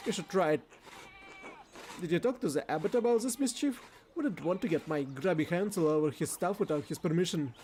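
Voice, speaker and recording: Man reading brash village laborer, game dialogue, mocking, laughs, slightly high voice. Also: expressive, a little fast, darkish tone, a little hiss or hum. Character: blunt irreverent male village laborer.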